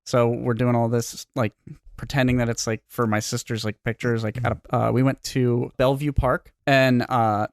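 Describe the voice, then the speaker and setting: A man's voice: medium pitch, level tone, normal speed, clean tone, no room sound, studio quality. A man co-hosting a casual podcast, telling a long rambling story full of fillers and acted-out quotes. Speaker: podcast co-host.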